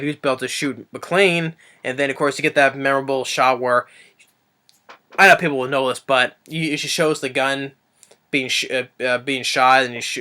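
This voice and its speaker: A man reviewing a movie off the cuff, rambling with lots of fillers and restarts. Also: pushed and bright. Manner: briefly acts out quotes in a higher voice.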